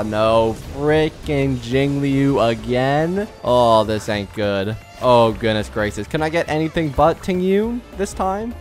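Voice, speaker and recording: A young man doing casual, self-mocking commentary while pulling on a gacha game, pleading and bargaining with it as he goes. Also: mid-range voice. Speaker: gaming YouTuber.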